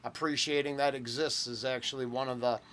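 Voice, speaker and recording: A man's voice: mid-range voice, steady tone, fairly quick, fairly bright tone, a little hiss or hum. A man hosting a reaction channel, chatting casually and rambling with fillers and restarts. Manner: rambling, with fillers and self-corrections.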